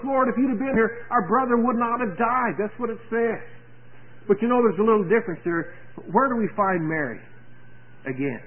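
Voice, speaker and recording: A man with a notably high voice preaches a Bible sermon, earnest and searching, often tossing rhetorical questions at his listeners. He tends to stumble and repeat words as he goes. The sound is thin and tinny, like a phone-line radio broadcast.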